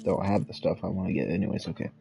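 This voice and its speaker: A man giving casual gameplay commentary, offhand and half-mumbling. His voice is dark and gravelly with a lively pitch. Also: very fast. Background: game music.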